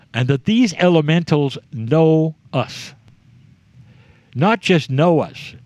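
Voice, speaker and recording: Slow, deliberate man giving a spiritual talk. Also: a little mellow, no echo. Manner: slow, deliberate, drops low at phrase ends. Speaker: spiritual speaker.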